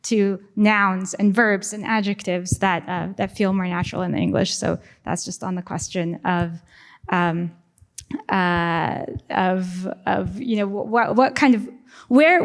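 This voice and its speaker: A young woman taking part in a panel discussion, with a voice of ordinary middle pitch. She speaks thoughtfully and in a halting way, with fillers and restarts as she searches for the right words. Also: fairly even intonation. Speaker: translator and scholar on a panel.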